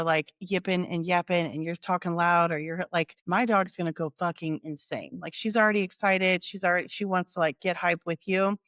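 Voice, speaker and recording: Low-voiced woman cohost, blunt n wry, swears casually, dry sound. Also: fairly bright tone, no room sound. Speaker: podcast co-host. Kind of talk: casual chat.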